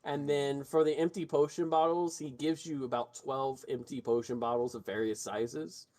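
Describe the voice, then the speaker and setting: A man's voice: mid-range voice, moderate pace. A man running a tabletop game as game master, narrating and swearing freely as he describes scenes. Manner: animated, profane, jumps into comic voices.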